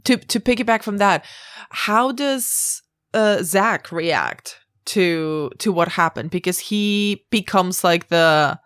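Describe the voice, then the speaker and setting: A woman's voice: medium pitch, slow pace, a bit bright, clear, resonant tone, dry recording, clean studio sound. A woman co-hosting a podcast, thoughtfully analysing a film and asking questions. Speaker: podcast co-host. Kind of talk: casual film discussion.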